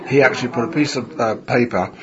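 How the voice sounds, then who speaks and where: A man's voice: mid-range voice, quick pace. Older man, rambling interviewee, lots of "you know"s; dull recording, crowd behind. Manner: chatty and rambling, with many fillers and restarts. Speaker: spiritualist medium interviewed after a seance. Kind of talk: reflective conversational interview.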